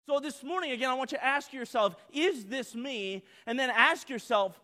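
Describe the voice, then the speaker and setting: A man pastor preaching a sermon dramatically, acting out voices and swinging from loud to soft. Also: very high-pitched, moderate pace, hardly any pauses, big-room sound.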